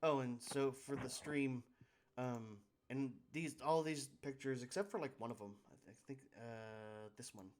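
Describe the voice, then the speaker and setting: A man's voice: medium pitch, moderate pace. A young man running a tabletop game on a live stream, narrating casually with restarts and fillers. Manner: casual, rambling, self-correcting.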